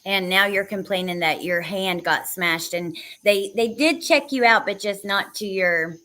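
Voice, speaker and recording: A woman's voice: medium pitch, a little slow, bright, forceful tone. A woman hosting a casual livestream, reading court documents aloud and chatting about them with a co-host, laughing easily. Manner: reads legal text aloud, laughs often.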